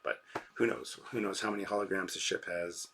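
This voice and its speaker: A man's voice: deep voice, steady tone, fairly quick, a bit bright, slightly rough. A man hosting a live reaction stream, rambling casually and reading out viewers' chat messages and donations.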